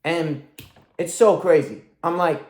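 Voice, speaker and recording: A young man in his twenties talks fast and fierce in a fairly high voice, swearing freely as he pushes a motivational message. The sound is roomy and echoey, like a bare room at home. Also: a little mellow. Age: 20s. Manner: intense, profane, self-driven. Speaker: fitness coach. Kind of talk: motivational vlog monologue.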